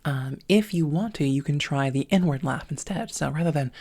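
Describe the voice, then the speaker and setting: A woman's voice: low-pitched, normal speed, mellow. Thin, smoky-voiced woman coaching voice. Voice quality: thin and smoky, with some vocal fry. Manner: methodical, breaking sounds into parts, with many "um"s. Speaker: voice training coach. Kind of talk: instructional voice lesson.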